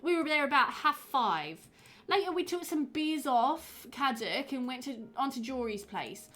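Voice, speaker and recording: A woman's voice: high voice, animated, a little slow, fairly bright tone, pitched above the performer's own voice. A woman voicing a defensive male village suspect in a broad, playful put-on regional accent.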